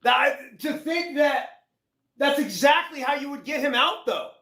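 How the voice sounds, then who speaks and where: A man's voice: extremely high pitch, a little slow, pushed and bright, reverberant. A man co-hosting a casual baseball chat, talking bluntly and swearing casually. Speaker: co-host, former ballplayer.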